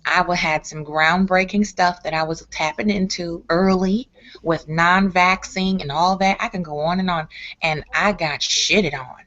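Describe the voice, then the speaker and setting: A woman host with a lowish voice talks frankly and with energy, often repeating words to drive a point home. The sound is muffled and lo-fi, as if through a weak connection. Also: fairly even intonation, measured pace, a bit bright. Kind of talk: casual chat.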